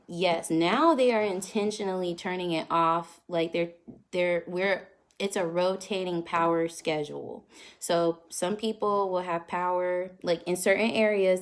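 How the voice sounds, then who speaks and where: A young woman from North Carolina, chatting casually on a phone livestream at home and laughing often. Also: lowish voice. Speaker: vlogger answering live comments. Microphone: phone front camera.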